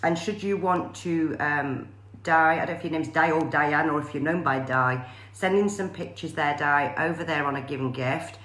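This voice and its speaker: A woman psychic medium, doing a live-streamed spirit reading in a halting way full of fillers and pauses. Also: sits low, fairly bright tone, echoey room. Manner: hesitant, many fillers and pauses.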